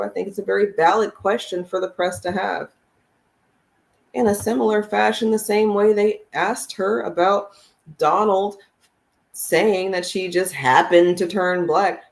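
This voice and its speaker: A woman's voice: mid-range voice, creaky. A woman giving blunt, sarcastic, profane political commentary on a casual livestream.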